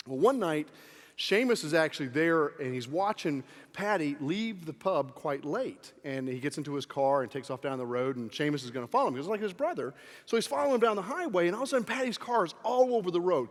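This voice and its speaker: A man with a fairly high, lively voice tells a joke during a motivational talk at a live event. He talks in an animated storytelling way, and his words ring with the long reverb of an event hall. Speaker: motivational speaker.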